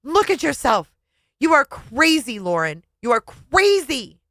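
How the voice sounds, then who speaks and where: A woman reading aloud the lines of an angry young husband who scolds and yells, in a dry, close sound. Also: deep voice, animated, slow pace, no echo, exaggerated voice. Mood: yelling. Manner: loud scolding repetition. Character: angry young adult male husband yelling.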